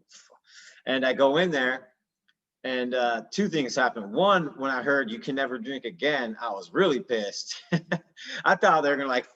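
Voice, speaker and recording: A man's voice: medium pitch, a bit bright, muffled recording. A man in his thirties candidly telling his own story in a casual, slangy, earnest way. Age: 30s.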